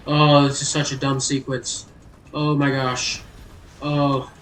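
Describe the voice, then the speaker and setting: A man giving loud, exasperated gameplay commentary as a gaming YouTuber. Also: medium pitch, flat delivery, slow, distant mic, poor audio.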